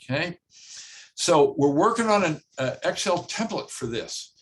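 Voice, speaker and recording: A man's voice: a little high, lively intonation, a little slow, a bit bright. Older man giving a plain-spoken workshop talk. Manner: plain-spoken, repeats key phrases, frequent "uh" fillers. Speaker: workshop presenter and home builder. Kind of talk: conversational webinar talk.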